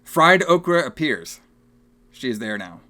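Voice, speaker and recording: An excitable young man with a slightly higher voice recaps a film for his co-host. He talks loosely and with energy, jumping between plot points and swearing freely. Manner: animated, laughing, acts out film lines in quick voices. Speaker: podcast co-host. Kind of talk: casual movie recap chat.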